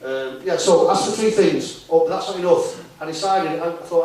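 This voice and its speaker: A man's voice: fairly high pitch, moderate pace, darkish tone. A man giving a talk to a conference audience in a conversational way, often putting rhetorical questions to the listeners. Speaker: conference speaker. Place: conference hall. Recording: echoey hall, distant mic, faint noise.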